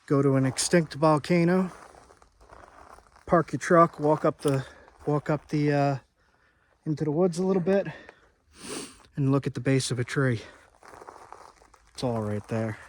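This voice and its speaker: A man's voice: fairly high pitch, unhurried, pauses often, a little hiss or hum. A man vlogging outdoors on a volcanic hillside, short of breath, talking casually and trailing off mid-sentence into a handheld camera. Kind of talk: casual outdoor vlog commentary.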